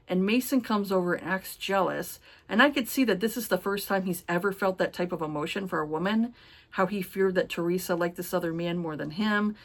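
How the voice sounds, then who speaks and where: A woman talks through a book review in a loose, gushing way, full of fillers and little restarts. She reads from her notes now and then, then drifts back into chatty asides. Her voice sits in an ordinary middle pitch. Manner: gushing, rambling, many fillers. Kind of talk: casual book review chat.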